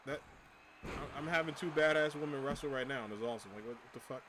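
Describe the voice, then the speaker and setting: A man's voice: a little high, a little fast, noisy background. A man chatting casually on a livestream, ranting animatedly, swearing and laughing often.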